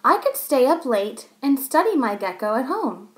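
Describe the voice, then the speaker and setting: A woman's voice: sits high, big pitch swings, normal speed. A woman voicing a smart, eager young schoolboy in a children's story read aloud. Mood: earnest.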